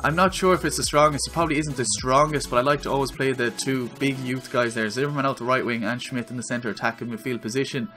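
An Irish man giving his own excitable commentary while playing a football video game, yelling at the screen during big moments. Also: mid-range voice, fast talker, hardly any pauses, faint music behind. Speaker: gaming video creator.

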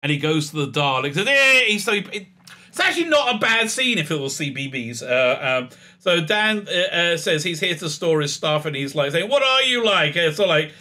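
A man casually recapping and reviewing a TV episode as a channel host, sarcastic and animated, with lots of fillers and restarts. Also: a little high, moderate pace. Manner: sarcastic and animated, with many fillers and restarts, acting out quoted lines.

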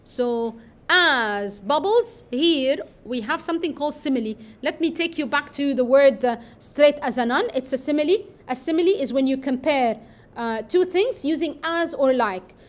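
In a poetry-analysis lesson, a woman with a high-pitched voice explains things one step at a time. Key phrases come back again and again, and she lingers on filler words.

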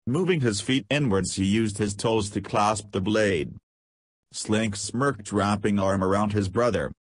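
Low, husky male audiobook narrator. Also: unhurried, no echo. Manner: reads dialogue aloud with profanity.

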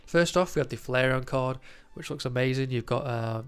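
Nasal, gravelly man with a cold. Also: mid-range voice, normal speed. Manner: chatty, lots of ums and uhs. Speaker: trading card news host. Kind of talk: casual commentary to camera.

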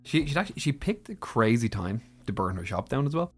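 A man's voice: mid-range voice, big pitch swings, a little fast, husky, faint music behind. A man co-hosting a podcast, chiming in with quips and extra details in casual banter. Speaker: podcast co-host.

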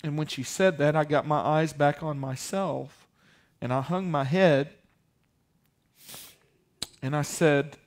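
Male pastor, high-pitched, storytelling sermon that rises to forceful preaching. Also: steady tone, takes it slowly, long pauses. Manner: storytelling, building to loud emphatic preaching.

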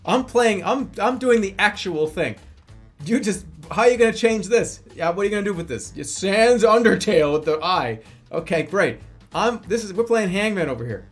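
An excitable man streaming a video game, talking over his play with frequent bursts of laughter. His voice is high for a man and swings up and down a lot. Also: moderate pace, breathy edge, faint music behind. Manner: excitable, laughs often, animated exclamations. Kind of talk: live gaming commentary.

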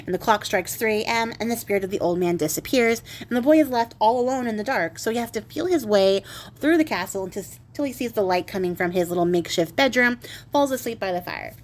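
A woman's voice: medium pitch, lively intonation, fast. A woman host retelling a fairy tale in a wry, chatty way, with laughs and the odd swear. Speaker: craft video host.

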